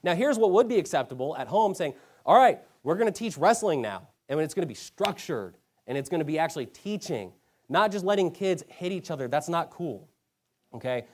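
Guy preaching in church, kinda high voice, asks the crowd questions, tells stories hard. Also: animated, fairly quick, darkish tone. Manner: emphatic, storytelling with rhetorical questions. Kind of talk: sermon. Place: church hall.

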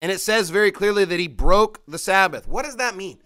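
Young male preacher with a high, bright voice who preaches forcefully and builds to loud outbursts. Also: expressive, fairly quick. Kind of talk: sermon.

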